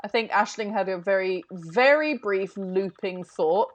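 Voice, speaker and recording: A woman playing a character in a tabletop game, bubbly and excitable. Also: mid-range voice, measured pace, muffled recording. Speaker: player. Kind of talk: in-character tabletop role-play.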